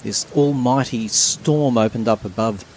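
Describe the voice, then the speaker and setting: A man's voice: medium pitch, measured pace, darkish tone, slight background noise. A man with an Australian accent hosting a podcast, chatty and jokey, laughing often. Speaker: podcast host. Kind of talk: casual chat.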